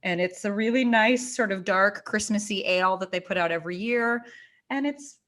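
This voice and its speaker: A woman co-hosting a casual chat, telling stories in an animated way, laughing often and saying "like" a lot. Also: medium pitch, normal speed. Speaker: co-host.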